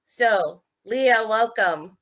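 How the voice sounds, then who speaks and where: Here the host, a woman from Georgia, has a slightly high voice and a fairly bright tone, drawing out her words. On her live-streamed podcast, she recounts personal stories in an earnest, chatty manner.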